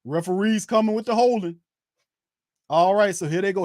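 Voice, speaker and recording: A man's voice: high voice, normal speed, pauses often, darkish tone, dry recording, studio quality. A man hosting a fan watch party, giving heated, indignant live play-by-play and ranting at the referees, often repeating himself.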